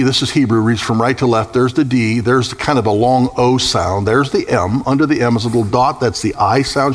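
A pastor preaching a sermon to a congregation, building from calm teaching to high, impassioned peaks. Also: male voice.

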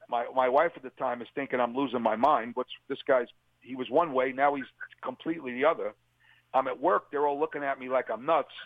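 A man's voice: mid-range voice, no room sound. An older man, a guest telling his personal testimony and acting out what people said. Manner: storytelling, acts out quotes. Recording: tinny phone-like line.

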